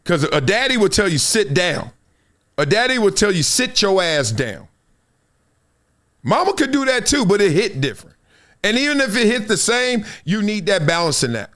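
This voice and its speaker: Sitting high and speaking fairly quickly, a middle-aged sports talk show host from Compton, Los Angeles keeps things casual. He reads viewers' comments and animatedly tells stories that shift from loud to quiet.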